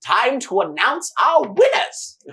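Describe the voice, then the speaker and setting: A woman voicing an excitable male tournament announcer who shouts and draws out his words. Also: a little high, takes it slowly, voice pushed up, exaggerated voice. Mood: grandiose. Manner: shouting, drawn out.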